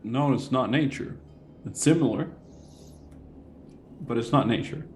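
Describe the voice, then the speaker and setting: A man voicing an ancient male nature-like entity in a tabletop game, speaking in a measured, pondering way. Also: medium pitch, a little hiss or hum, natural voice. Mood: calm.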